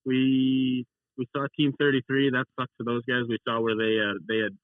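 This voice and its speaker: Young man, casual storyteller, mid-pitch voice, tinny phone line, no room sound. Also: flat delivery, normal speed, no echo. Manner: rambling storyteller, acts out his own quotes. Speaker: racer telling his race story. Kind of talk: casual call-in chat.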